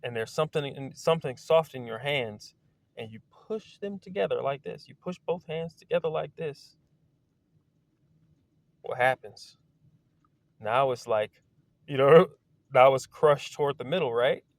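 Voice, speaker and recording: A man in a casual, rambling monologue outdoors, excitable and wandering, swearing now and then. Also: medium pitch, measured pace, creaky, pauses often, dry recording. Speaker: video creator. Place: outdoors among trees.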